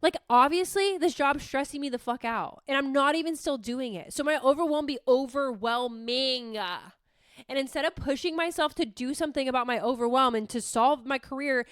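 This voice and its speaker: A woman therapist hosting a podcast, talking in a candid, profane and animated casual monologue, often mocking herself. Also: high voice, moderate pace, clean tone, no room sound, studio quality.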